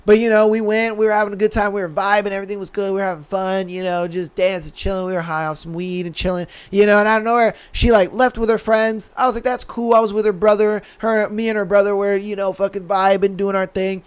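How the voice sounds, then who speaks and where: A young man hosting a podcast, telling stories in casual, animated, slangy chat and acting out quoted lines. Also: high-pitched, fast talker, few pauses, clean tone. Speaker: podcast host.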